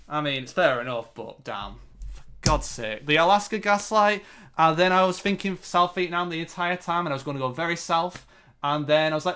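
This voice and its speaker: A man's voice: on the high side, normal speed, bright, forceful tone, clear, resonant tone. Frustrated man ranting. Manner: frustrated, self-critical ranting. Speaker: competitive game player. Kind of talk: live-streamed match commentary.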